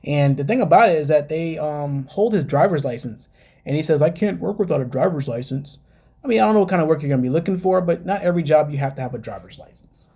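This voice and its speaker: A man's voice: on the high side, animated, fast, mellow, breathy edge. A man hosting a casual podcast, chatting through a reality show recap, laughing and talking to his listeners. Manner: chatty, laughs at own jokes, addresses listeners as guys.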